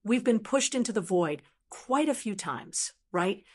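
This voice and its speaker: A woman's voice: mid-range voice, expressive, unhurried, a little mellow, slightly rough. A woman voicing a hesitant, flustered young male commander who stammers as he explains. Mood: wry.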